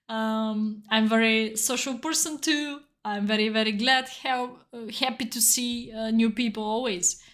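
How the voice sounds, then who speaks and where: Emotional Bulgarian-accented woman, slightly high voice. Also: fairly bright tone. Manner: earnest and encouraging, with broken non-native phrasing. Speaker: chess streamer. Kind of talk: live stream chat while playing online blitz.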